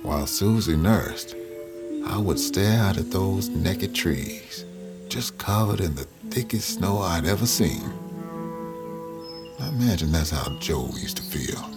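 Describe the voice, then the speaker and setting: A man's voice: low voice, lively intonation, a little slow, over loud music. A man with a Southern US accent playing a freed father who narrates his family's story in a reflective audio drama voice.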